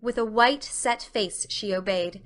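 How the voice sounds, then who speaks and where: A woman narrating a classic novel as a dramatic storybook reading, with expressive storytelling. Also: mid-range voice, unhurried.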